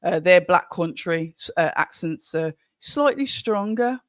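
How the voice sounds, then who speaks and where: Birmingham accent, livestream host, casual chatty commentary, mid-pitched voice, dry close sound. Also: expressive, measured pace, dry recording. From Birmingham, England. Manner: chatty, rambling, greets viewers by name. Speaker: livestream watch-along host. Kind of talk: casual live commentary and chat reading.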